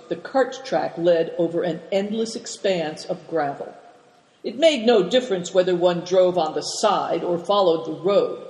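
A man narrating an audiobook in a measured, even storytelling manner. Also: sits high. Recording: echoey room with long reverb.

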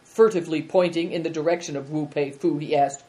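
Brief: female audiobook narrator, deep-toned, calm measured delivery. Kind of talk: audiobook reading.

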